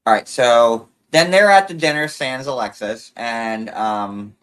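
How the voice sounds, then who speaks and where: A man's voice: medium pitch, a little slow, fairly bright tone, clear, resonant tone, low-quality recording. A man hosting a live show recap, gossiping animatedly, mimicking the people he quotes, and talking between bites of food on a computer mic. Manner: talks while snacking. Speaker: host.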